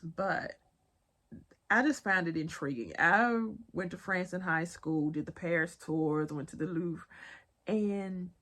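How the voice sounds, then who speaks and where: Her pitch sits fairly low and her tone is fairly bright as this young Southern woman takes her time recapping pop-culture news. A chatty vlogger, she talks directly to viewers, says y'all, and drops in laughing asides.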